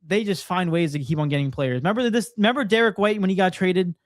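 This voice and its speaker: Male sports co-host, higher-pitched, confident and opinionated, dry recording. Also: dry recording. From Portuguese heritage. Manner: confident, opinionated, quick bursts. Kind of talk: casual sports chat.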